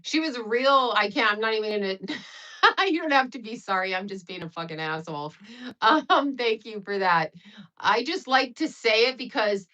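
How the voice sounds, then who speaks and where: An outspoken woman in her fifties chats on her livestream, and her bright, sharp-edged voice runs loosely from story to story. She swears without a pause and laughs at her own bluntness. The sound is a little dull and lo-fi. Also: on the high side, animated. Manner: blunt, profane, laughing, rambling. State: sweating. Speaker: livestream host and astrologer. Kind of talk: casual livestream chat.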